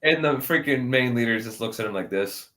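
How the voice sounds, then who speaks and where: A man co-hosting a podcast, retelling anime scenes in casual chat and acting out the characters' lines in loud, squeaky voices. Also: a little fast. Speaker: podcast co-host.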